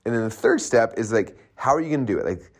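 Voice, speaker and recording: A man talking to camera about setting goals in a motivational tone, emphatic and peppered with fillers and quick "right?" asides. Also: mid-range voice. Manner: fast, emphatic, many fillers and rhetorical "right?"; grows animated and exclamatory. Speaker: entrepreneur and coach sharing advice.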